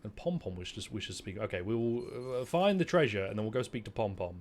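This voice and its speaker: A man's voice: fairly low pitch, expressive, brisk, darkish tone, a little hiss or hum. A British man casually commentating a video game, wryly reading dialogue aloud with mock indignation. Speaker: gaming streamer.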